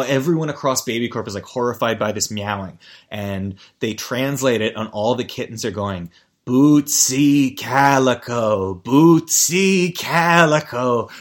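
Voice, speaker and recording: A man recapping a cartoon episode in casual chat, rambling, restarting sentences and amused. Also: mid-range voice. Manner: rambling, self-interrupting, amused. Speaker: podcast host recapping a cartoon.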